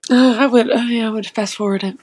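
A woman's voice: a little high, fairly even intonation, fast, darkish tone, breathy edge. A woman co-hosting a podcast over a call, reacting to her co-host's story with questions and squeamish comments. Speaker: podcast co-host. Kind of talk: casual chat, reacting to a story. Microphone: remote call recording.

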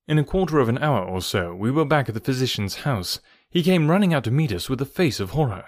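A man reading a storybook as narrator, in a steady, even manner. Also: mid-range voice, fairly quick, hardly any pauses, no room sound, studio quality. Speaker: audiobook narrator.

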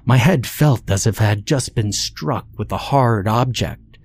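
A man narrating a horror story in a measured, somber storytelling manner, as a scripted horror narration. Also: mid-range voice, gravelly, darkish tone, a little hiss or hum.

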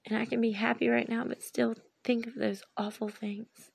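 Thirties woman with a deep-fried, raspy voice; weary, emotional, wandering personal talk. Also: level tone, moderate pace, hardly any pauses, a little mellow, dry recording. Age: 30s. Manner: rambling, heartfelt, trails off and restarts; emotional, near tears at times. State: drained and tired.

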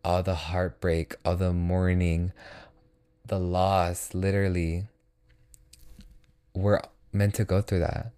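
Young guy doing a motivational podcast, low mellow voice, talks slow and soothing, keeps saying things twice. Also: level tone, clean tone. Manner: earnest and reassuring, repeats phrases for comfort. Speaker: podcast host.

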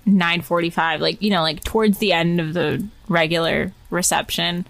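A woman's voice: lowish voice, fairly even intonation, normal speed, vocal fry. A young woman co-hosting a podcast, telling a story casually with dry, wry remarks. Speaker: podcast co-host. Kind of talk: casual chat.

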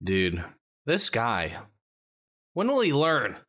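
A man co-hosting a gaming podcast, joking around with quick reactions in casual chat. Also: mid-range voice, wildly swooping pitch, a bit bright. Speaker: podcast co-host.

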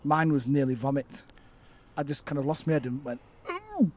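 A man with a Leeds accent co-hosting a casual chat in a back garden, excitable with loud bursts of elation. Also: medium pitch, fairly quick. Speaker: podcast co-host. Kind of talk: casual celebratory chat among friends.

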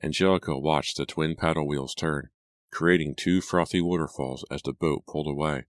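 A man narrating a horror audiobook in a measured, scripted delivery. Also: extremely low pitch, steady tone, dry recording.

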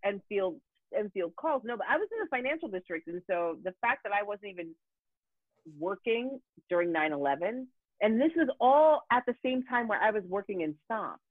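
A woman's voice: medium pitch, moderate pace, dry recording. A woman in her forties, a voice actor, telling stories in a casual podcast chat and acting out the voices of people she quotes. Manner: animated storyteller, acts out quoted voices. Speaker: voice actor guest. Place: home in Los Angeles. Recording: tinny phone-like line, dry.

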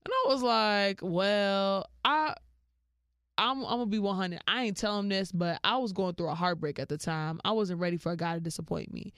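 Woman podcast host, slangy casual storyteller, clean dry mic, smooth voice. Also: quick pace, hardly any pauses, dry recording. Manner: animated, slangy, jumps into high-pitched quoted voices.

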